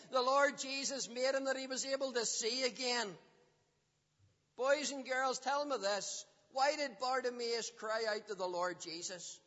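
A man's voice: very high voice, pushed and bright. A man giving a gospel talk to children and parents in a church hall, often putting questions to the children. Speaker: children's preacher. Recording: dull lo-fi sound with long hall reverb.

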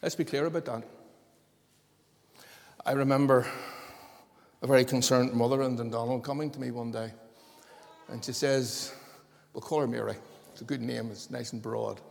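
A man's voice: mid-range voice, steady tone, normal speed, creaky, long pauses, a little mellow, big-room sound. A man preaching a sermon as pastor, emphatic and building in force.

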